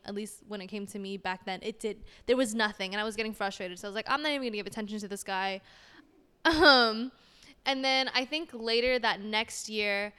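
A woman's voice: mid-range voice, fairly bright tone, clear, resonant tone, in a large hall. A young woman co-hosting a podcast, chatting casually and acting out her own quotes as she tells a story. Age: young adult. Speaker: podcast co-host. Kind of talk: casual chat.

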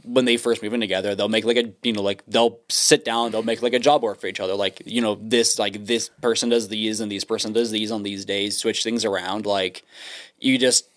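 A man's voice: lowish voice, level tone, brisk. A man co-hosting a podcast in casual chat, hesitant and full of "like", swearing casually. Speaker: podcast co-host.

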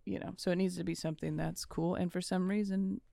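Woman guest on a podcast telling family stories, bit of vocal fry, dry close mic. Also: on the low side, fairly even intonation, fast talker, mellow, no room sound. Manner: chatty storyteller, acts out quotes. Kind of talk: casual chat.

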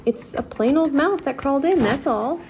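A woman's voice: sits high, expressive, moderate pace, a little mellow, a little hiss or hum, pitched above the performer's own voice. A cautious eight-year-old boy, as a woman reading aloud puts him on, talks with worried exasperation. His voice sits a little above the reader's own. He comes across as skeptical and careful, like a storybook character.

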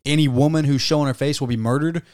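A man's voice: a little high, steady tone, fast, darkish tone, clean tone, dry recording, clean studio sound. A man co-hosting a casual podcast, ranting heatedly and swearing often. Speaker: podcast co-host.

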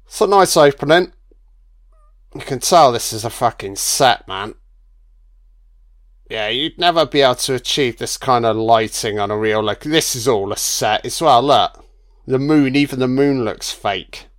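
A man's voice: medium pitch, measured pace. A man giving casual, sardonic film commentary full of swearing and jokey asides.

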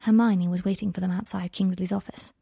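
A woman narrating a story in an even, quiet storytelling manner. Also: on the low side, fairly quick, vocal fry, slightly rough, no echo, studio quality. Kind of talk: storybook reading.

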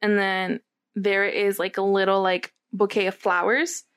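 A woman's voice: mid-range voice, level tone, unhurried, a bit bright, smooth. A young woman co-hosting a casual chat, telling a long story in a rambling way with many fillers and quoted lines. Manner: rambling, filler-heavy, quotes others a lot. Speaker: podcast co-host.

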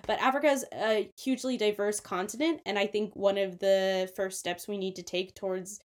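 A woman's voice: mid-range voice, steady tone, moderate pace. A woman co-hosting a podcast, speaking thoughtfully and a bit hesitantly, often restarting her sentences. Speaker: podcast co-host. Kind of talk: casual discussion.

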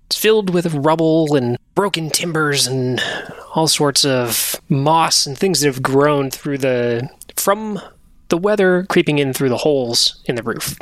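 A man running a tabletop game as game master, narrating scenes in a relaxed conversational way. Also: fairly high pitch, measured pace, no echo.

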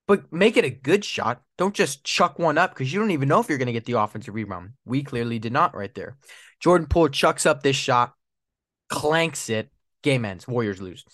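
A man's voice: mid-range voice, dry recording, studio quality. A man hosting a solo sports podcast, venting with frustration and repeating his points. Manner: frustrated, repetitive, animated complaining. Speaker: podcast host.

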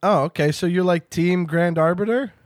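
A man's voice: high-pitched, normal speed, no echo, studio quality. A man hosting a casual podcast chat, rambling and jokey as he talks with his guests. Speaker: podcast host.

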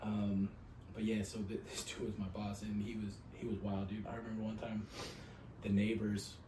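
A man's voice: lowish voice, completely flat delivery, normal speed. Laid-back swearing man in a roomy room. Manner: profane, rambling storyteller. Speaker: podcast co-host. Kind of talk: casual chat. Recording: roomy, distant mic, faint noise.

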